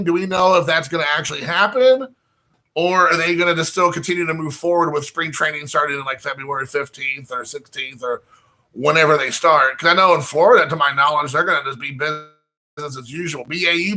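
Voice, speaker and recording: A man's voice: a little high, bright, forceful tone. A man chatting casually to his viewers from home, rambling and poking fun at himself. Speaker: channel host. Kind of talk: casual vlog chat.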